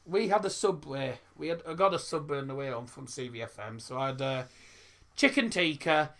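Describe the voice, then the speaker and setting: A man's voice: on the high side, expressive, brisk, creaky, a bit bright. Rambling young Englishman hosting a stream. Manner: rambling, stumbles and repeats words. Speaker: live stream host. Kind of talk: casual live-stream chat.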